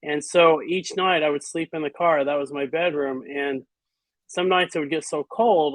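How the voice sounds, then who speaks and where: A man's voice: a little high, moderate pace, no room sound, poor audio. A man speaking as a guest in an interview, earnest and reflective, with some hesitations. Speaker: guest author and physician. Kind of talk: interview conversation.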